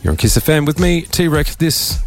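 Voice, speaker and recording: An Australian man hosting a radio show in a studio, chatting casually with a croaky voice and a rambling, offhand manner. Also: fairly high pitch, very animated, normal speed, soft background music. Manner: rambling, offhand, self-mocking. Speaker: radio DJ host.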